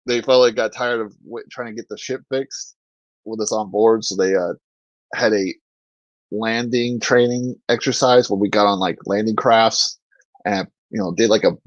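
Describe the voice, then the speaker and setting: A man with a lowish voice tells stories on a casual podcast, swearing freely and laughing along. He talks like a former infantryman swapping barracks tales, and the sound is close and dry. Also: fairly even intonation, moderate pace, dry recording, muffled recording. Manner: profane, laughs through his stories. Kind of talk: casual storytelling chat.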